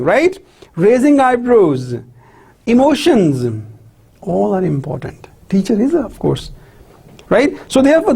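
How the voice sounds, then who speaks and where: A lecturer gives a slow classroom lecture on teaching skills. The voice is mellow and a little husky, and the pitch rises and falls a lot. The lecturer keeps checking in with "right?" and "clear?", and asks questions and then answers them. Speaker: university lecturer.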